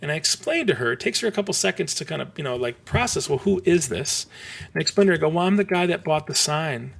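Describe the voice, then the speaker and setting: Podcast guest, man, 40s, casual storyteller who trips over his words, slightly higher pitch. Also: fast talker, gravelly, husky. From Michigan. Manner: rambling, animated, many restarts.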